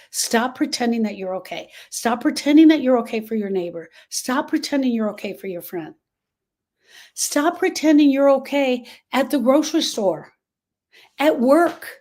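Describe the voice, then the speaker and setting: Warm-voiced woman giving an earnest pep talk. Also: fairly high pitch. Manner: earnest, repeats key phrases, speaks directly to the listener. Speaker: grief support host. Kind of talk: heartfelt live-stream talk to viewers.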